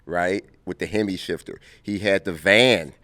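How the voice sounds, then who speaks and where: A man in his fifties from Compton, telling stories as an interview guest, animated and quick to laugh. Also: low voice, dry recording. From Compton, California. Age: 50s. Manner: animated, laughing storyteller who acts out scenes. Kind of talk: casual interview storytelling.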